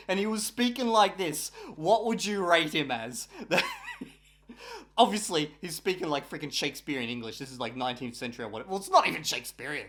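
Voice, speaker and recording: Animated, laughing woman reacting to a book. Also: on the low side. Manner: animated, incredulous, laughs often, swears. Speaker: YouTuber reviewing a book. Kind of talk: casual comedic commentary.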